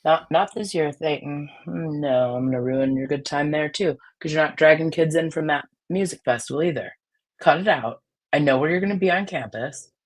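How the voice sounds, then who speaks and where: A podcaster with a raspy voice, chatting casually in a blunt, heated way that swings from loud outbursts to low mutters. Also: moderate pace. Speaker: podcast co-host.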